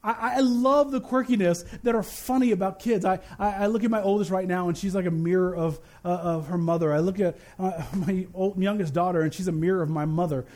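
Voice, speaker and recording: A man preaching a sermon as pastor, fervent and emphatic, slowing down hard to stress key lines. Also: high-pitched, steady tone, darkish tone.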